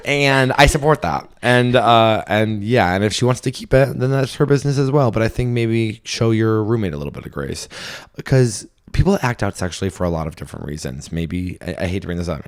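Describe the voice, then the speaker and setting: A man's voice: lowish voice, no echo, studio quality. A young man hosting a comedy podcast, giving blunt, teasing advice in casual chat with bursts of laughter. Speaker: podcast host, stand-up comedian.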